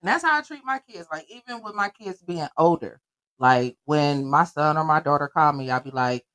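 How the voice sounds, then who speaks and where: A middle-aged woman chatting casually as a podcast co-host, blunt and animated, often laughing. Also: low-pitched, brisk. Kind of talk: casual chat.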